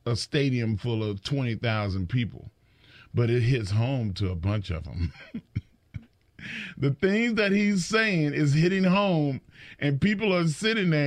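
A middle-aged man in a casual chat about wrestling, telling animated stories and acting out quotes, often repeating words as he starts. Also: on the high side, no room sound. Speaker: wrestling podcast co-host.

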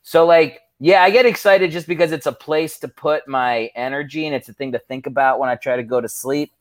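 A man who is a comedian guest on a podcast, musing in a wry, deadpan way with casual swearing. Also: fairly high pitch, a little fast, no echo.

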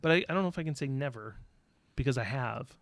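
A man speaks casually at a middle pitch, sometimes hesitant and sometimes teasing. He drops short, dry jokes between his answers. The recording is close and dry. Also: animated, fast talker, a bit bright, no echo. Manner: teasing, dry one-liners. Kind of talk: casual chat, answering a questionnaire together.

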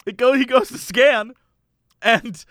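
Taking it slowly, a man with an extremely high-pitched voice shares an amusing anecdote during a casual chat, animatedly voicing the people involved and laughing a lot. The recording is dry, with clean studio sound.

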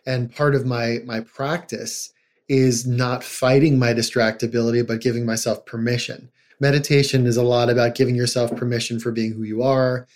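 Appearing on a podcast as a psychologist, this middle-aged man has a mid-range, darkish voice. He chats in a relaxed way, occasionally performing quoted voices.

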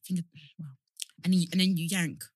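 A woman's voice: fairly low pitch, level tone, brisk, a little mellow, slightly rough, dry recording, clean studio sound. A woman co-hosting a podcast, chatting casually with lots of laughs and slang. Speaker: podcast co-host. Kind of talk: casual chat.

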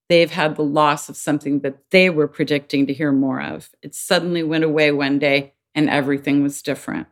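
A middle-aged woman speaking earnestly as an interview guest, now and then acting out quoted voices with sudden high swoops. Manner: earnest, acts out quoted voices with big pitch jumps. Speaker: podcast guest, child advocate. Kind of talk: conversational interview talk.

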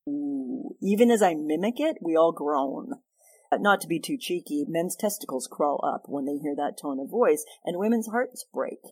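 Animated husky-voiced woman therapist. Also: low-pitched, normal speed. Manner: animated, emphatic, self-deprecating teaching tone. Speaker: sex therapist guest. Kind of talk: podcast interview.

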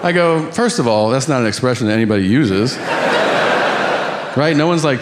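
A man's voice: medium pitch, animated, fairly quick, long pauses, heavy background noise. A man doing a stand-up routine, telling a story with quoted dialogue. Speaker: stand-up comedian.

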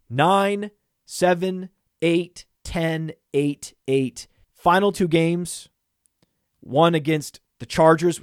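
A man co-hosting a casual podcast, talking excitedly and rattling off lists of names and numbers, often laughing at himself. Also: a little high, dry recording, studio quality. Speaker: podcast co-host.

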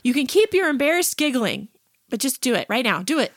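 A woman in her thirties co-hosting a casual podcast, animated and teasing with a theatrical edge. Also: high-pitched, brisk, no echo, studio quality. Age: 30s. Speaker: podcast co-host. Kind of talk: casual chat.

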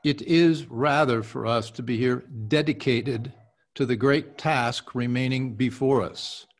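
A man hosting a coaching session, reciting a historic speech slowly and deliberately with emphatic consonants. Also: mid-range voice. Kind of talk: slow deliberate recitation and casual chat.

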